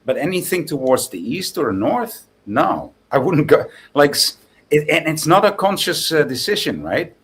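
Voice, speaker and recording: A man's voice: fairly high pitch, sing-song, normal speed, fairly bright tone. A man from the Netherlands explaining himself reflectively in a casual podcast chat.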